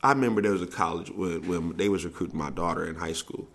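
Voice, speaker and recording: A man's voice: deep voice, fast. A middle-aged man from the States, a podcast host and coach giving blunt, profane advice and telling stories with lots of repetition for emphasis. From Southern United States. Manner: animated storytelling, blunt and profane, repeats for emphasis. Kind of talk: casual advice talk.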